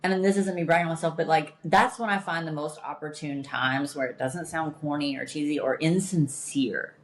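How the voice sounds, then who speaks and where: A woman with a notably low, deep speaking voice hosts a podcast in candid casual chat. She talks emphatically and bluntly and swears freely. Her delivery is direct and firm as she makes her points. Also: fairly even intonation, a little fast, slight background noise. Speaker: podcast host.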